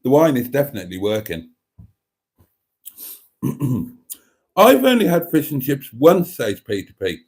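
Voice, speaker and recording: A man's darkish, medium-pitched voice carries a casual livestream where he reads the chat aloud. He keeps up wry, camp commentary and laughs often.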